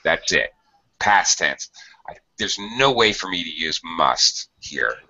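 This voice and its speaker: A low-voiced man teaches English grammar at an unhurried pace, patient and methodical, often pausing on fillers. His tone is bright and forward, and the audio is somewhat dull and lo-fi. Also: big pitch swings, gravelly. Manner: slow, patient explaining with many fillers. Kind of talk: online grammar lesson.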